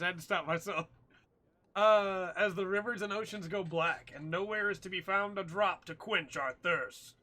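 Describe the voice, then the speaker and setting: Bright, high-voiced chatty streamer man. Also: normal speed. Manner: chatty, jokey, talks to chat, reads text aloud with asides. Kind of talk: casual gameplay commentary and reading aloud.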